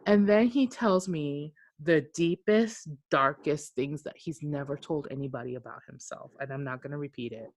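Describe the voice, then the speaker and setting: A woman co-hosting a podcast, telling a long story in a casual way. She is animated, acts out what people said, and swears freely. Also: low voice, moderate pace, few pauses, dry recording. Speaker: podcast co-host.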